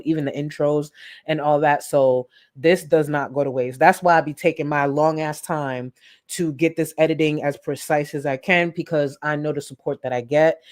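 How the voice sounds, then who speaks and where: Low-voiced woman doing live commentary. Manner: animated, incredulous, thanks chat donors warmly. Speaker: commentary YouTuber.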